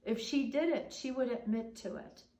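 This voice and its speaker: An older woman quoting a calm, firm mother defending her daughter. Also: fairly high pitch, normal speed, reverberant, recorded from a distance, natural voice, poor audio.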